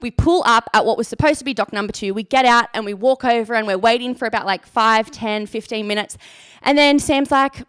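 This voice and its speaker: Young woman youth leader, bright-ish voice, rambling comic anecdote, dry close sound. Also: fairly high pitch, a little fast, smooth, dry recording. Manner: chatty, self-mocking, lots of "like". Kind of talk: casual storytelling on a live stream.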